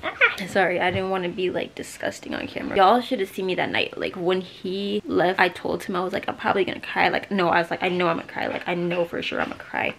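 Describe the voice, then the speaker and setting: A woman's voice: on the low side, fast talker, vocal fry, few pauses, a bit bright, a little hiss or hum. A young woman vlogging to camera, telling a breakup story in casual, slang-filled chat, weepy after crying. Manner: chatty and emotional, slangy, fillers of "like". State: weepy, just cried.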